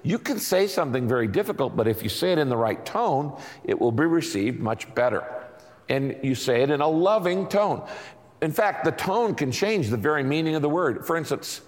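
A man's voice: on the high side, big pitch swings, normal speed. A middle-aged man preaching a sermon as a pastor, emphatic and repeating his catchphrases for the congregation. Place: large church sanctuary. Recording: long reverb of a large hall.

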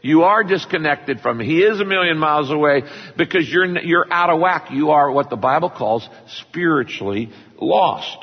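A man's voice: a little high, expressive, normal speed, breathy edge, big-room sound, lo-fi sound. A man preaching a sermon, telling a parable and acting out the characters' lines. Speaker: pastor.

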